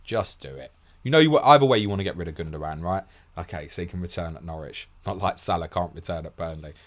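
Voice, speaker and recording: A man hosting a fast live Q&A, blunt and casual, calling listeners mate, with a sore throat and short of sleep. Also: low-pitched, fairly even intonation. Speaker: host answering viewer questions.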